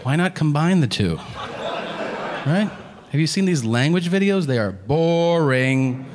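A man performing a stand-up comedy set, animated and shouting out punchlines, on a club stage. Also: fairly high pitch, a little slow, a crowd in the background. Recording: live club with long reverb and audience.

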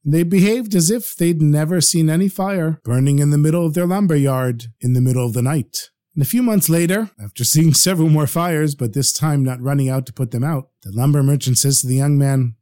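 A man narrating a spoken story with animated storytelling delivery. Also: a little high, brisk, few pauses.

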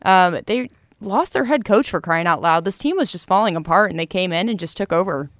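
A woman co-hosting a casual sports podcast, chatty and quick to laugh. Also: fairly low pitch, expressive, no echo, clean studio sound. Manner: giggly, conversational. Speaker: podcast co-host.

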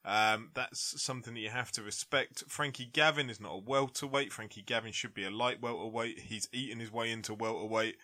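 Brash boxing pundit, bright, punchy delivery. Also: male voice, medium pitch, brisk, few pauses. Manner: blunt, animated ranting with frequent "like". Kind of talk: casual podcast debate.

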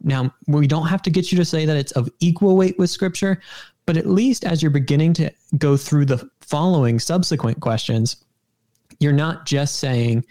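A podcast guest carefully lays out his reasoning in a casual conversation, offering thoughtful explanations peppered with "kind of" hedges. His voice is fairly high and dark in tone, at a normal pace.

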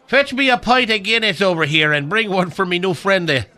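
A man's voice: high-pitched, fairly quick, pushed and bright. A man playing a battered, hapless Irish pub regular in a radio comedy skit, in a hammy stage Irish accent. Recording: studio laughter behind.

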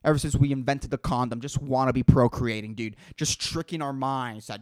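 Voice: medium pitch, moderate pace, long pauses, no echo, clean studio sound. A podcast host ranting alone for comic effect, profane and rambling, repeating words while searching for the next one and calling out to an imagined listener in exasperation. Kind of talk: solo comedic rant.

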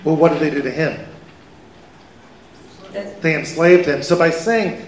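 A man, a rabbi, giving a lively conversational Torah lecture to a live audience and asking them questions. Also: on the high side, a little slow, long pauses. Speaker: rabbi teaching a Torah class. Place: event hall with an audience. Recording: echoey hall.

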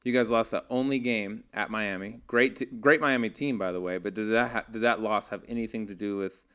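A man's voice: fairly low pitch, fairly even intonation, brisk, few pauses, fairly bright tone, clear, resonant tone. A man co-hosting a podcast in a studio, chatty and asking long rambling questions. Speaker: podcast co-host. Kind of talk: casual chat.

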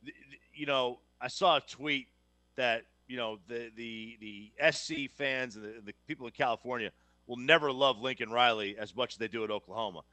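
A man from New Jersey co-hosting a casual sports talk show, emphatic and quick to restart his sentences. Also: mid-range voice, pushed and bright, no echo. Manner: emphatic, repeats words when starting sentences. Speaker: sports radio co-host.

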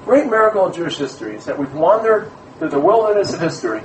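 A man from Brooklyn, giving a lively sermon-style talk to a community gathering, telling stories and mixing in Hebrew terms. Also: high-pitched, fast talker, a little hiss or hum. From Brooklyn, USA. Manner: animated storyteller, mixes in Hebrew terms. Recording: echoey room, mic at a distance.

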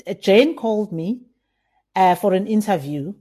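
A middle-aged woman from South Africa talks through her career in a relaxed interview. Her voice is mellow and warm, and she brightens into animated retellings of old conversations. The pitch sits in a comfortable middle range. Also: unhurried. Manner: animated, acts out remembered dialogue with laughs. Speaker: winemaker, guest. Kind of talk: casual interview storytelling.

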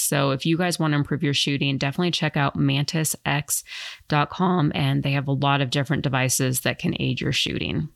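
A woman's voice: low-pitched, creaky, dry recording, clean studio sound. A woman hosting a podcast and chatting casually, a firearms instructor who rambles with lots of fillers. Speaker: podcast host.

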